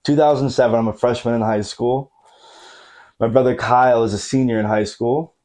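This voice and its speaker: A man in his thirties, a podcast guest, tells a funny anecdote in casual conversation in a living room, laughing often and using lots of fillers. His voice is mid-range and a little mellow, with fairly even intonation and a moderate pace.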